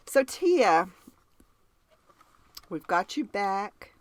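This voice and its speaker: A woman's voice: mid-range voice, big pitch swings, drawn-out words, dry recording. Chatty Southern woman podcast host. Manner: chatty, laughs often, asks her cohost questions. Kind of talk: casual chat.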